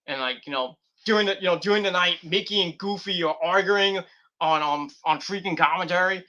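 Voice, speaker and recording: A man's voice: sits high, fairly quick, bright, forceful tone, muffled recording. A man reviewing a wrestling show in a loose, rambling way, giggling and restarting his sentences. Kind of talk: rambling casual commentary.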